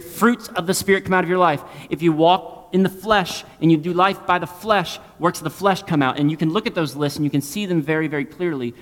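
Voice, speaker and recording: A man preaching a sermon as pastor, swinging from loud emphasis to hushed near-whispers and repeating phrases for emphasis. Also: sits high, in a large hall.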